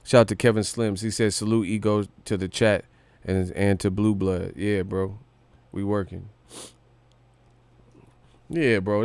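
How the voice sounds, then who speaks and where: A male stream host talks in loose slang, swearing and laughing as he goes. His voice is smooth and clear, at an ordinary pitch. The sound is dry and close to the mic. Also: dry recording. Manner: slangy, profane, laughs often. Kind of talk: livestream commentary.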